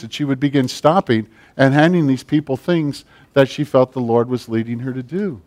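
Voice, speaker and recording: A man, a pastor, preaching a sermon and leading a closing prayer, his emphatic delivery swinging from loud to hushed. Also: mid-range voice, moderate pace, few pauses. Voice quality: big build, speaks plainly.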